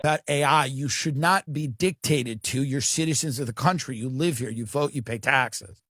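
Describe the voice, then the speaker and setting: A man's voice: medium pitch, normal speed, very noisy. A man delivering a rambling, satirical comedic monologue about politics. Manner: rambling, satirical, slips into mocking voices.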